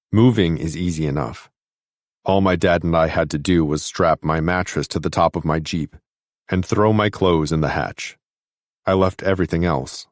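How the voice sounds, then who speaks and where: A man narrating a first-person audiobook in a steady, intimate reading on a close studio mic. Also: rumbling low, no echo.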